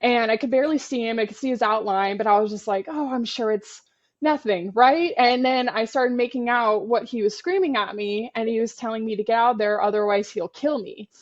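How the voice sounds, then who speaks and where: A woman co-hosting a podcast, telling her fieldwork stories casually, animated and frank, with free swearing. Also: fairly high pitch, brisk, dull audio. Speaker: podcast co-host, turtle biologist. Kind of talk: casual storytelling.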